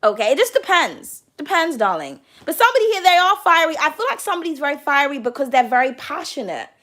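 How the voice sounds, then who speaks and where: A young woman with a high voice talks through a tarot reading in a loose, chatty way. She speaks straight to the listener, often calls them "darling" and swears freely. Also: big pitch swings, quick pace, pushed and bright. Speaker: tarot card reader.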